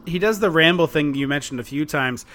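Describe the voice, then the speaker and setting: Bright, higher-voiced chatty man. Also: fairly quick, a little hiss or hum. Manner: chatty, laughs often, loose retelling. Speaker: podcast co-host. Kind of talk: casual chat.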